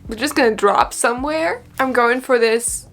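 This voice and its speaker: A woman's voice: fairly high pitch, moderate pace, fairly bright tone, faint music behind. A woman book vlogger chatting dramatically to camera from her bedroom, often close to tears. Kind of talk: casual chat to camera.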